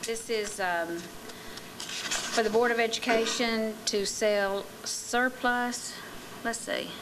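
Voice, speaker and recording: A woman's voice: a little high, fairly even intonation, slow. A woman commissioner with a Southern American accent presenting a resolution with formal address, a little flustered. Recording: noisy meeting-room recording.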